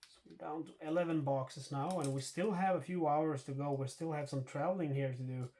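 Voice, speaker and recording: A man's voice: on the high side, steady tone, fairly quick, mellow. A man narrating a solo board game playthrough, thinking aloud with many fillers and self-corrections as he explains each rule and dice roll. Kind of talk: casual explanatory playthrough commentary.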